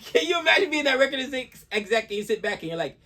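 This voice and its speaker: Animated high-voiced man chatting. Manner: animated, talkative, quick asides. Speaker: reaction channel co-host. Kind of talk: casual chat.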